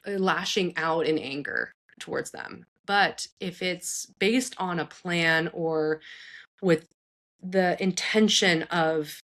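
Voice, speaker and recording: Female psychologist host, somewhat low voice; earnest, animated, casual advice with frequent self-corrections. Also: takes it slowly. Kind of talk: casual advice talk for parents.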